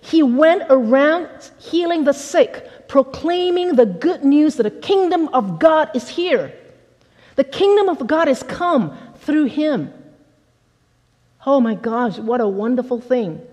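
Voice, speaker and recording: A woman pastor preaching a conversational, animated sermon and acting out the people in her stories. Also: high voice, takes it slowly, big-room sound. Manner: conversational, animated, acts out quotes.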